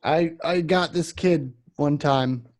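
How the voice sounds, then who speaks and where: A young man casually telling stories about vape shop customers, acting out their voices. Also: slow pace. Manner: animated, acts out customers in a higher voice. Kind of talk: casual chat, storytelling.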